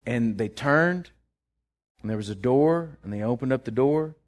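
A man preaching a sermon, impassioned, rising loud then dropping soft, often restarting his words. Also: medium pitch, animated, a little slow.

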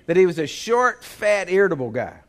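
A man's voice: high-pitched, very animated, brisk. A man, a pastor preaching a sermon in a folksy, joking way with asides to the congregation. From Texas.

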